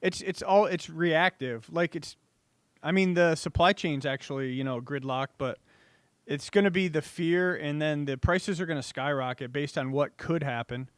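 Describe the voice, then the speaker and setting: A man co-hosting a talk show, rambling through his points with restarts and sounding openly irritated. His voice sits a little high, and it is recorded dry and close with no room sound. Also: moderate pace, smooth, no room sound. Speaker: co-host. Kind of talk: casual show banter.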